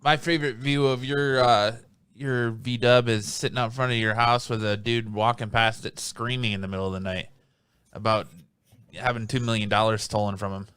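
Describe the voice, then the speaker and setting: A man with a bright, crisp voice adds wry jokes to a casual podcast chat. The sound is dry and close. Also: medium pitch, steady tone, moderate pace, no room sound. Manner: wry, joking asides. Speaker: podcast co-host.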